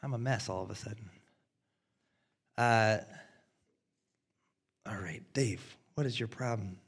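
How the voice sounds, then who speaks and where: An American man in his thirties preaching a sermon, earnest and self-deprecating, swinging between loud and hushed. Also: lowish voice, slow, breathy edge. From United States. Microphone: headset.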